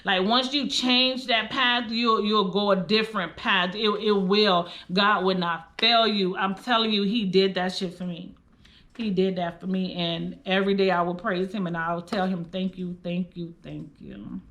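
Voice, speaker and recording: Blunt woman vlogger, aave, bright clear voice, cursing, heartfelt storytime. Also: mid-range voice. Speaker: vlogger telling a personal story. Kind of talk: emotional storytime monologue.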